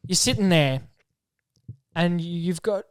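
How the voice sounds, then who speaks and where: Young Aussie podcast co-host, high clear voice, dry close sound. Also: male voice, unhurried, no room sound. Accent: Australian. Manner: storytelling, laughs easily. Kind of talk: casual banter.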